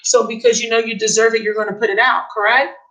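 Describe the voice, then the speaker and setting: A woman giving a live tarot reading, excitable and emotional, repeating key phrases. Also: fairly high pitch, fast talker, low-quality recording. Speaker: tarot reader.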